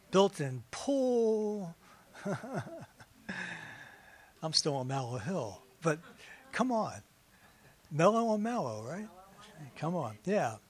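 A high-voiced pastor talks through his sermon in a relaxed, conversational way. He repeatedly aims rhetorical questions and quick side comments at his congregation, and the close, dry recording has no room sound.

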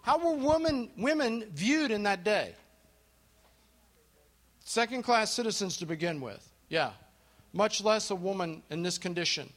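A man with a high voice leads a live Bible study, telling the story and pausing to quiz his listeners and thank those who answer. He drops to a hush at the dramatic moments. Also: animated. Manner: asks the group questions and thanks responders. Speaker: Bible teacher. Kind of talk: interactive Bible study teaching. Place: live group gathering.

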